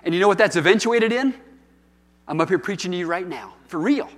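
A man's voice: high-pitched, lively intonation, a little fast. Preaching man in a reverberant hall. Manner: storytelling, conversational preaching with rising emphatic calls. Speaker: pastor. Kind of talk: sermon. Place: church hall.

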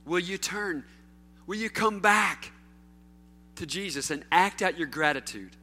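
A man preaching a sermon as pastor, rising to loud calls and dropping to a hush, putting question after question to his listeners. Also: high voice, lively intonation, slow pace, long pauses. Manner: preaching with sweeping swings from loud to hushed; calls out rhetorical questions to the congregation.

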